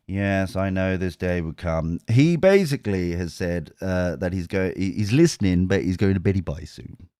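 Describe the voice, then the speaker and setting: A man chatting on a podcast, his voice leaping wildly up and down in pitch. He laughs easily and jumps from topic to topic. The sound is close and dry. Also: darkish tone, no room sound. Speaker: podcast host. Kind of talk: casual chat.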